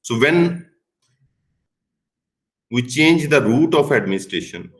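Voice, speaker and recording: A middle-aged male professor with an Indian English accent delivers a recorded lecture. His voice sits at an ordinary mid pitch, and he talks in measured phrases that lean hard on the words he wants remembered. Now and then he drops into Hindi to explain a point. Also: expressive, rough recording. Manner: deliberate, stresses key words, slips into Hindi. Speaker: pharmacy professor.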